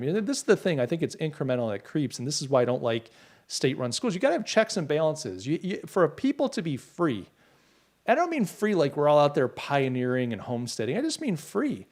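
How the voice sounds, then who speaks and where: A man's voice: a little high, sing-song, fast talker, darkish tone. A middle-aged man hosting a podcast, rambling through opinions and reading out viewer comments in casual livestream talk. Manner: opinionated, rambling, many restarts. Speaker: podcast host.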